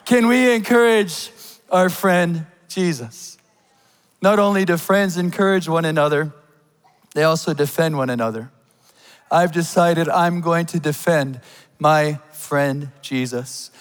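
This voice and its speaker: A man with a notably high voice preaches a sermon at a church service. He is impassioned and rhetorical, sinking to slow, hushed lines and then climbing to loud, ringing declarations. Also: clean tone, long reverb tail, rough recording.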